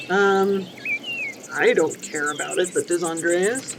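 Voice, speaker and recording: A woman's voice: deep voice, moderate pace, noisy background. A woman talking casually as she plays a game, explaining its history with plenty of ums and asides. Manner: chatty, full of ums and asides. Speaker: book historian playing a game. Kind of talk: casual commentary while playing.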